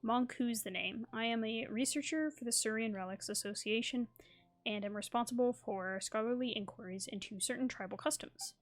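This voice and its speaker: A woman's voice: on the high side, moderate pace, lightly acted. A woman reading a polite, formal male scholar's lines aloud from a game. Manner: formal, courteous phrasing.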